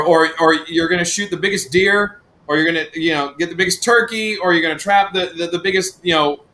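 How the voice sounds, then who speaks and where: A man's voice: high-pitched, pushed and bright. A man co-hosting a live stream, rambling in casual chat with lots of fillers. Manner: rambling, full of fillers and restarts, laughs easily.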